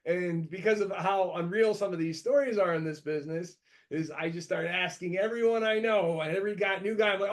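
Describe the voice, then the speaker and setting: A higher-pitched man in his thirties from the United States tells stories as a podcast host. He rambles with lots of restarts, then bursts into loud acted-out quotes. His voice sits high for a man. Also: a little fast. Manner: rambling, animated, acts out quotes with shouts. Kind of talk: casual storytelling chat.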